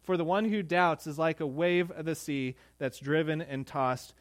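A man's voice: a little high, steady tone, moderate pace, dry recording. A young adult man preaching a sermon in a conversational way, with joking asides and acted-out pleas from the disciples. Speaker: pastor.

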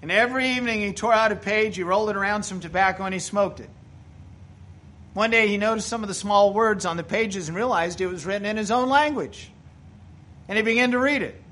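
A man's voice: high-pitched, a little fast, pushed and bright. A male pastor preaching a sermon, telling stories and rising to emphatic bursts.

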